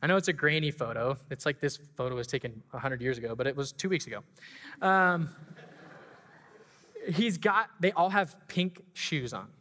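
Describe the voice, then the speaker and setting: A man with a bright, fairly high voice preaches to his congregation, telling a story with feeling and building to excited emphasis. His voice rings out through a church sanctuary with a long reverb trailing each phrase. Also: moderate pace. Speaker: pastor and school track coach. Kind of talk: sermon.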